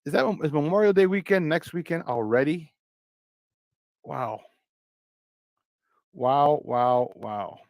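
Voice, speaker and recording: Joking Chicago sports radio host. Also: male voice, a little high, takes it slowly, pauses often, no room sound, studio quality. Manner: loose, joking, shout-outs to listeners. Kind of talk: morning show rundown.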